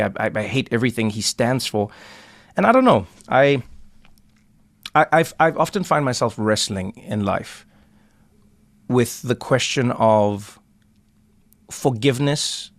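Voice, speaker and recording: A man hosting a casual podcast chat, a playful and animated storyteller who acts out the people he talks about. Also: mid-range voice, no echo. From South Africa. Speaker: podcast host.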